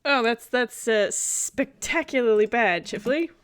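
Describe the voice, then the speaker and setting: A woman's voice: on the high side, measured pace, slight background noise. Hesitant woman player at a tabletop game. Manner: hesitant, describes actions. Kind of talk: casual tabletop play.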